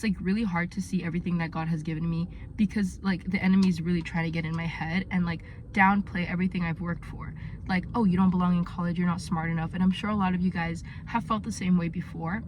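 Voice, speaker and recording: A woman's voice: lowish voice, slight background noise. A young woman talking earnestly in a casual vlog from inside her car, with lots of fillers. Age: young adult. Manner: chatty, earnest, many fillers. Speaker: vlogger.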